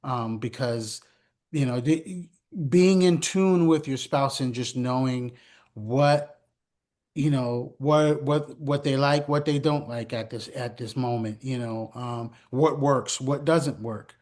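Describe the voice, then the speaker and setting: A man, an interview guest speaking as a spouse, answering in a halting, reflective way with many fillers. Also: medium pitch, a little mellow.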